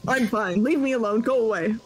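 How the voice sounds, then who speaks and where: A woman's voice: fairly high pitch, a little fast, natural voice. A woman voicing a frightened, reclusive male coffin maker who curtly tells visitors to leave. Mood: curt, fearful. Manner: curt, dismissive, speaking through a door.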